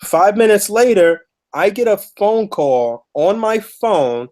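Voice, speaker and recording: A man's voice: high voice, big pitch swings, slow pace, darkish tone. A man hosting a podcast, telling a story in a heated, emphatic, profane way. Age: adult with a child. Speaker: podcast host.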